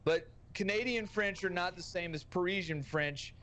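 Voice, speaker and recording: Texan dude on a podcast, cussing a lot, joking rant, kinda high voice. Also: male voice, normal speed, fairly bright tone, a little hiss or hum. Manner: brash, profane, joking rant. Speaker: streamer guest. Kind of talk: casual podcast storytelling.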